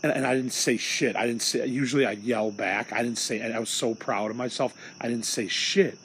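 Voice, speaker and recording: A young man from Illinois rants alone into a podcast, rambling and swearing as he vents his frustrations. His voice sits at an ordinary pitch. Faint crickets chirp behind him. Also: fairly even intonation, fairly quick, a bit bright, a little hiss or hum, rough recording. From Illinois, USA. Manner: rambling, profane, agitated venting. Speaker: podcast host. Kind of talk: solo rant podcast.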